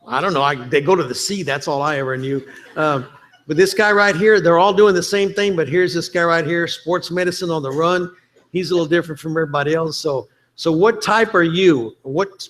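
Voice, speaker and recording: A man's voice: on the high side, fairly bright tone. A man giving a chatty, joking conference presentation, quoting movie lines for laughs. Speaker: conference speaker.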